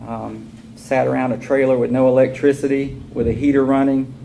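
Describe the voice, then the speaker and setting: A man's voice: medium pitch, flat delivery, fairly quick, mellow. A man speaking at a recovery meeting, telling his story in a candid, casual way and acting out the dialogue. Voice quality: gravelly. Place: meeting room. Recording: noisy room recording.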